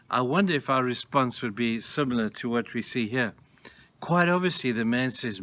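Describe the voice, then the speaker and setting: A man of middle pitch leads a short daily devotional as a pastor. His delivery is earnest and reflective, often slowing and going softer to let key phrases land. Light background noise sits under the voice. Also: lively intonation.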